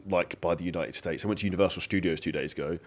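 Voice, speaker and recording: A man from Dubai with a very deep voice hosts a casual podcast chat. He talks quickly, and he is blunt and outspoken. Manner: blunt, outspoken, swears freely. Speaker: podcast host.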